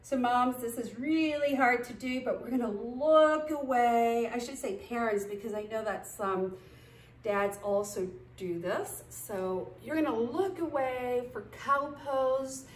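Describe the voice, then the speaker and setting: High, slow-spoken woman yoga teacher. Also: distant mic. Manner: sing-song baby talk and animal sounds between cues. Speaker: yoga instructor. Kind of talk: guided baby yoga class. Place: yoga studio. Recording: echoey studio from off mic.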